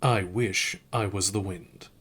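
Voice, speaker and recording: A man streaming a game, reading its narration aloud in a measured, unhurried way with occasional slips. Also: low voice, steady tone, fairly bright tone, husky.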